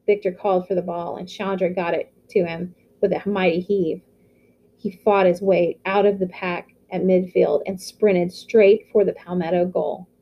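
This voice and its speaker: Woman reading a novel aloud, muffled. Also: on the low side. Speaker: audiobook reader.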